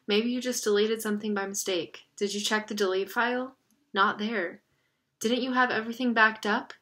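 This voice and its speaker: A woman voicing a teenage boy who is edgy and terse, trying to stay calm, in a storybook reading. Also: mid-range voice, moderate pace, natural voice. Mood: tense.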